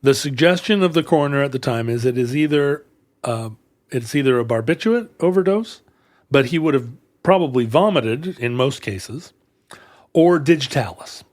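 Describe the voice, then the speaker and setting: A man's voice: medium pitch, expressive, moderate pace, darkish tone, no room sound. A man co-hosting a comedic podcast, telling a true story in a rambling, jokey way. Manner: rambling, jokey, playful asides. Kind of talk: casual comedic podcast chat.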